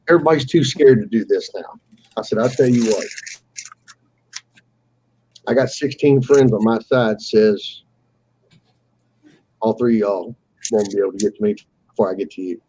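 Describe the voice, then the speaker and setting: A man shares a fishing tale over a live call at normal speed, leaving long pauses. His low-ish voice is expressive, mellow, and a bit rough, and he swears liberally while acting out quoted voices in a casual, animated way. The recording is poor.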